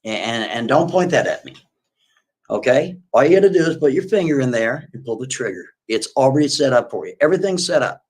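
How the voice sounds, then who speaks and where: A man voicing a steady, reassuring rescuer. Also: mid-range voice, brisk, lightly acted. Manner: urgent, reassuring.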